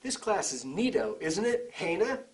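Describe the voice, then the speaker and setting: A man's voice: fairly high pitch, big pitch swings, normal speed, darkish tone, a little hiss or hum. A man playing an earnest student who answers the teacher in a mild, unsure way in a comedy sketch. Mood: answering.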